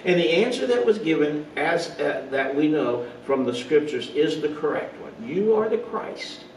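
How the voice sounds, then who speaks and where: A man's voice: fairly high pitch, normal speed, slight background noise. Male pastor, earnest sermon delivery, recorded from a distance in a roomy space with faint ambience. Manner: earnest preaching with rhetorical questions, some slips and asides. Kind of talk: online Bible study sermon.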